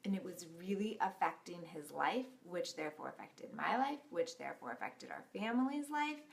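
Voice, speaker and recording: Brief: chatty woman vlogger, gravelly fry in her voice, casual storytelling. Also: on the low side, very animated, normal speed. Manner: giggly, chatty, with frequent laughs.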